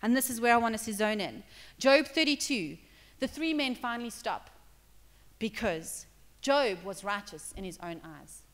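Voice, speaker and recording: Woman preacher, higher voice, chatty sermon delivery that grows emphatic. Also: animated, moderate pace, fairly bright tone, in a large hall. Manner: conversational preaching, builds to emphatic, acts out quotes. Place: church hall.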